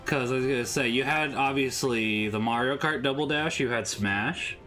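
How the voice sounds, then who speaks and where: A man's voice: medium pitch, moderate pace, bright, forceful tone, soft background music. A man co-hosting a casual game stream, chatting and answering viewers' comments. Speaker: streamer co-host. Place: home streaming setup.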